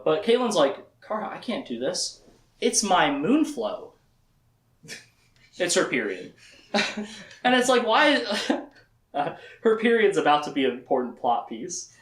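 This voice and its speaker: A podcast host, a man with a fairly high voice, recaps a fantasy novel in an echoey room. His casual book talk rambles, with laughter and quotes from the characters.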